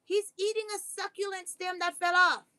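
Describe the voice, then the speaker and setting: Brief: high-pitched woman, chatty spiritual vlog, rambling. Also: flat delivery, moderate pace, bright, forceful tone, no echo. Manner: rambling, talks to her dogs mid-sentence. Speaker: vlogger. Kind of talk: casual spiritual chat.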